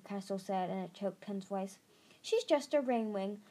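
A woman's voice: medium pitch, a little slow, mellow, slight background noise. A woman narrating an amateur audiobook reading, stumbling over words and restarting.

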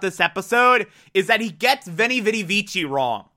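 Bright-voiced man recapping a TV episode. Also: sits high, very animated, moderate pace, few pauses. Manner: enthusiastic, swears, asides. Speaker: TV episode reviewer. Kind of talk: casual spoken episode recap and review.

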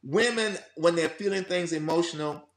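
A man's voice: fairly high pitch, brisk, roomy sound. A man telling stories in casual conversation, acting out the people he quotes. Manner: animated storyteller who acts out quoted people. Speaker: guest on grief.

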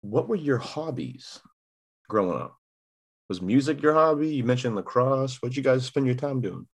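A man's voice: mid-range voice, lively intonation, moderate pace, breathy edge. A man hosting a casual podcast, easygoing and joking, with plenty of slang. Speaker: podcast host. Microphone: camera mic.

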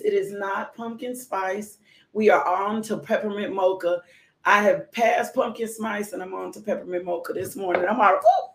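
Goofy lady hosting a live morning devotional, laughing and reading comments, kinda echoey. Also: mid-range voice. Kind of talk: casual live-stream chat. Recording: roomy echo.

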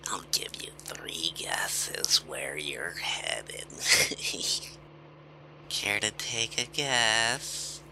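A man voicing a snooty, sneering male villain in an audio drama, whispered role-play with an airy, nasal voice and mocking, drawn-out taunts. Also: sits low, very animated, vocal fry, sharp tone, full character voice, rough recording. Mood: gloating.

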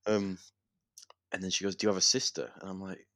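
A young man, co-hosting a podcast and telling an animated story with swearing and laughter. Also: sits low, fairly quick, no room sound, studio quality. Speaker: podcast co-host. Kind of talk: casual podcast chat.

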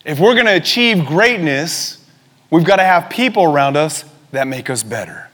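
A young man preaching a sermon in a church, in a casual, energetic style with bits of slang. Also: a little high, moderate pace, long reverb tail.

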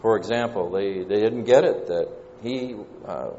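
Southern male preacher, deep-voiced, halting and thoughtful, heard on a lo-fi recording from a big echoing hall. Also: mellow. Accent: Southern American. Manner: measured, pausing delivery with frequent "uh" fillers. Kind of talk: sermon. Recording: dull lo-fi church recording with long reverb.

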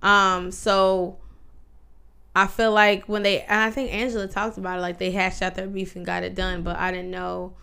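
A woman co-hosting a casual podcast, filling in background in a measured way with frequent ums. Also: medium pitch, flat delivery, gravelly, sharp tone, smooth. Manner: measured, corrective, filler-laden. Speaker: podcast co-host.

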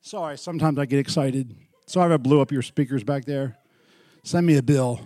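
A man preaching as a pastor, telling a story with animated swings from loud bursts to quiet, intimate passages. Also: mid-range voice, brisk, no room sound, studio quality. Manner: animated, swings from shouting to hushed. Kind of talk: sermon storytelling.

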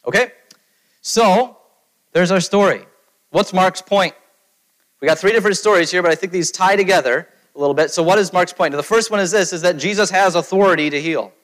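A man's voice: high voice, fairly quick, fairly bright tone, rough recording. A middle-aged man preaching a conversational sermon, often checking in with his listeners as he talks. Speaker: pastor.

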